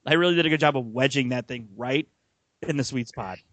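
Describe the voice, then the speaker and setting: A young man with a mid-range voice co-hosts a casual sports podcast, talking a little fast on a dry recording. An animated storyteller, he laughs as he tells his stories.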